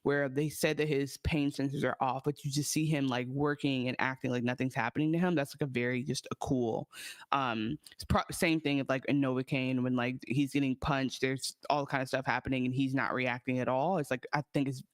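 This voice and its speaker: A man's voice: mid-range voice, flat delivery, a little fast, no room sound, clean studio sound. A man co-hosting a podcast, chatting casually about a TV episode in a rambling, enthusiastic way with many restarts. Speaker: podcast co-host. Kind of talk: casual TV recap chat.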